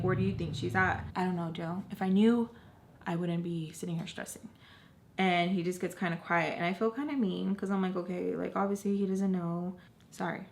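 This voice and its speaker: A woman's voice: fairly low pitch, a little hiss or hum. Young woman telling a storytime, filler-heavy. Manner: profane, emphatic, constant "like" fillers. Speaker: storytime vlogger. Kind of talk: casual storytelling.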